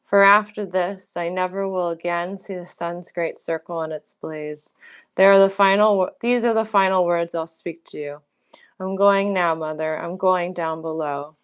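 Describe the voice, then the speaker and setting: A young princess who comforts her mother and accepts her fate, read by a woman. The voice is low and smooth, and the delivery is soft and tender. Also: fairly even intonation, normal speed, close to an everyday voice. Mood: tender resigned. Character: young doomed princess, gentle and resigned. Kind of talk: dramatic reading.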